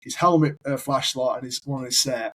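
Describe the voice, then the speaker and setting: A man's voice: mid-range voice, brisk, fairly bright tone, poor audio. A man, a firefighter guest on a podcast, telling long rambling anecdotes in casual chat. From United Kingdom. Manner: rambling anecdotal storyteller, repeats words.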